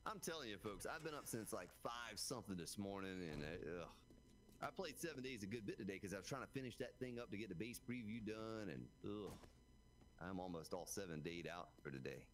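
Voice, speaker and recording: A man's voice: lowish voice, lively intonation, brisk, slight background noise. A man streaming a game live, chatting to his viewers as he plays and talking into a broadcast microphone. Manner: chatty, talks straight to viewers as folks. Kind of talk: live gameplay commentary. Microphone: broadcast dynamic microphone.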